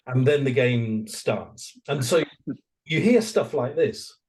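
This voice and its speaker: A man hosting a conversational interview, telling anecdotes with animation and slipping into little acted-out voices. His pitch sits in the middle of the usual range for men. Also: unhurried. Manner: animated storyteller, acts out quoted voices. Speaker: podcast host.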